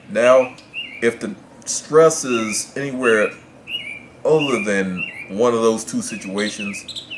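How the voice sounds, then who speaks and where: A man with a low-sitting voice gives an explanatory Spanish pronunciation lesson in English, speaking in a measured way and repeating and rephrasing his points for clarity. Birds chirp clearly in the background noise.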